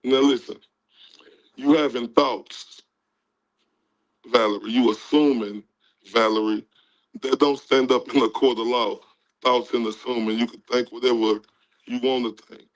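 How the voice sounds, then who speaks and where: A man's voice: medium pitch, rough recording. Mocking man hosting a heated livestream. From Texas, US. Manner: mocking, talks straight to his chat. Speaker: livestream host. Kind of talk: livestream commentary on a replayed call.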